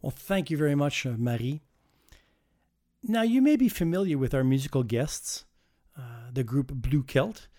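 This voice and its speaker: A man's voice: a little high, warm tone. A man hosting a community radio holiday show, chatting in a folksy way with light jokes. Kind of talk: casual radio chat.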